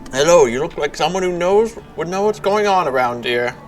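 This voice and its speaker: A man's voice: fairly high pitch, animated, normal speed, soft background music, voice pushed up, close to an everyday voice. A man voicing a polite little flying machine. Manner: polite, helpful, matter-of-fact.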